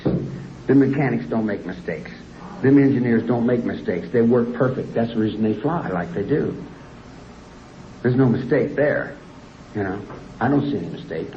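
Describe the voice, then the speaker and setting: Middle-aged inmate, rambling, heats up into indignation; roomy interview room, dull archival tape. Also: male voice, mid-range voice, slight background noise. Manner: rambling, repetitive, growing indignant and heated. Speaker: prison inmate being interviewed.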